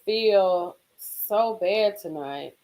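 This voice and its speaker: A woman hosting a casual live stream from a car, reading gossip aloud and reacting with sudden high exclamations and low murmurs. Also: very slow, poor audio. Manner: animated, swings into high exclaims and drops to murmurs.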